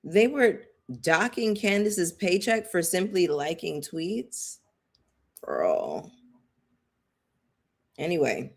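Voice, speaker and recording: A woman's voice: lowish voice, sing-song, slow pace, gravelly, long pauses, slightly rough. A woman giving casual live-stream commentary on a reality show, chatty and emphatic, addressing viewers directly.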